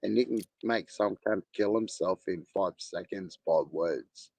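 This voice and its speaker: A man's voice: deep voice, measured pace, a little mellow, no room sound. An Australian man in rowdy casual banter on a live stream, swearing a lot. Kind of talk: casual chat.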